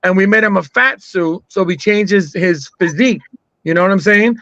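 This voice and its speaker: Male host, bright high voice, casual profane banter, muffled. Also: moderate pace, no echo. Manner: loose, profane, joking. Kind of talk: casual chat.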